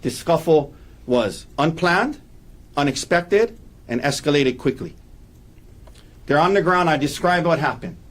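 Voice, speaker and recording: A man's voice: fairly high pitch, animated, measured pace, long pauses. A man giving a courtroom opening statement as defense attorney, emphatic and repeating key points for weight.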